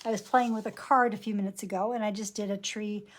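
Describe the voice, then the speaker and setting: A woman's voice: mid-range voice, steady tone, quick pace, slight background noise. A woman teaching a painting class, talking through each brushstroke as she works. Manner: chatty, narrates each brushstroke aloud. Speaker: painting instructor. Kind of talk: live painting lesson.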